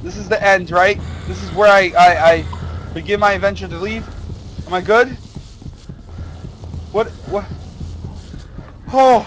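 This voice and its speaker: Commenting on a horror game let's play through his headset, a young gaming host sounds jumpy and swears quietly as he plays. His voice sits high and a bit bright, measured with frequent pauses, and the poor audio carries a little hiss or hum.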